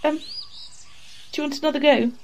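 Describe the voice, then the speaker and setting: A woman's voice: high voice, steady tone, brisk. A woman in an improvised comedy play, teasing and flirting playfully. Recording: clear background noise.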